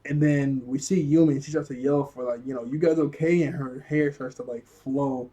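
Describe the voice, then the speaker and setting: A man's voice: mid-range voice, little pitch movement, normal speed, dark tone. A young man casually recapping a cartoon episode, laughing often and talking in loose slang with lots of fillers.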